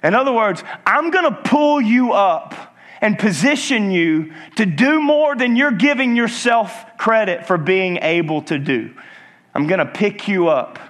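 A man preaching a sermon with call-and-response urging, swinging between emphatic and hushed delivery. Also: sits high. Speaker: pastor.

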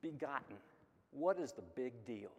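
A middle-aged man teaching a Bible lesson, emphatic and lively, asking questions and answering them himself. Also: on the high side, a little slow, a little hiss or hum. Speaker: Sunday school teacher. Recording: long hall reverb.

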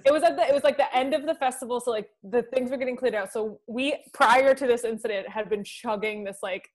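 A woman's voice: a little high, fairly quick. A woman guest on a podcast chatting casually, laughing easily as she adds context. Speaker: guest, band's booking agent. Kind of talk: casual chat.

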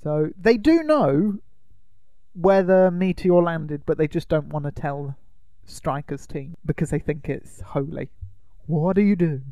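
A man's voice: fairly high pitch, expressive, unhurried, warm tone, no room sound. A man co-hosting a podcast, recapping a film in casual, rambling chat. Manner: rambling, with many ums and uhs. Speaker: podcast co-host.

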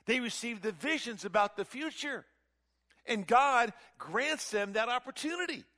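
A man preaching a sermon, animated and emphatic, with frequent rhetorical questions. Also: very high voice, normal speed.

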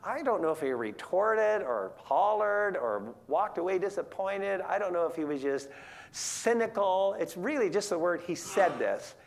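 A preacher teaching through a Bible passage in a relaxed, conversational way, paraphrasing scripture in everyday words and putting questions to the listeners. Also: medium pitch, unhurried, gravelly. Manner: animated, asks the audience questions.

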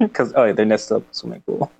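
A man's voice: mid-range voice, sing-song, moderate pace, creaky, dark tone, slightly rough, lo-fi sound. A man casually discussing a book, reading passages aloud and rambling with laughs. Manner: rambling, with frequent fillers and laughs.

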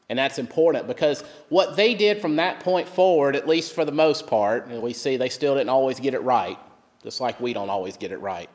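A male pastor giving a sermon, telling a story and dropping soft and low when he quotes. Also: moderate pace, long reverb tail. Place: church.

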